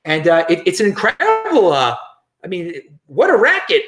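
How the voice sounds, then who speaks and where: A man's voice: high voice, wildly swooping pitch, normal speed, a bit bright, roomy sound. A man hosting a casual commentary show, joking and rambling, often repeating words. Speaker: host. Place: home studio in Los Angeles.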